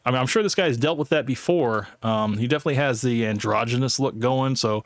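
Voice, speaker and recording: A man's voice: mid-range voice, brisk, no room sound. Rambling man hosting a live stream. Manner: rambling, with many fillers and restarts; blunt, jokey and self-deprecating. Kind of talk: casual live commentary.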